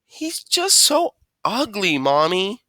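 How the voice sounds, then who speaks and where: A squeaky, excitable little boy who whines and wails out a scream, as a man puts him on while reading a storybook aloud. The voice is pitched well above the reader's own, bright and edgy, and it swings wildly up and down. The sound is dry and close. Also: slow pace, no echo, heavily acted. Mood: defensive.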